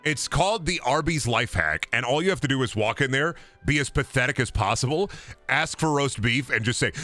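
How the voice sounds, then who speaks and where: A man's voice: medium pitch, animated, brisk, sharp tone, dry recording, soft background music. A man streaming a video game, joking, rambling and trash-talking in casual chat.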